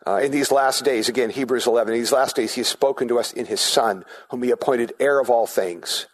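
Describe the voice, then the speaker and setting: A man's voice: medium pitch, brisk. A man preaching a sermon as pastor, in a conversational way, asking the congregation questions and often restarting his sentences.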